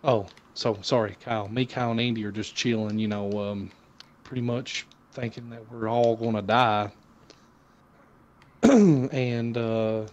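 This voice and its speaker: A man's voice: mid-range voice, a little slow, slight background noise. Rambling, profane young man telling a story. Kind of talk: casual chat.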